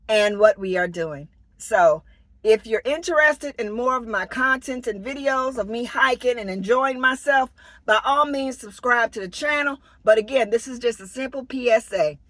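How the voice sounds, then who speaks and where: A middle-aged American woman talks straight to her viewers in an unhurried, deliberate way. Her voice sits a little high and the sound is close and dry. She is blunt and emphatic, and she repeats her main points to drive them home. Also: a bit bright, no echo. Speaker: vlogger. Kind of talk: direct-to-camera safety talk.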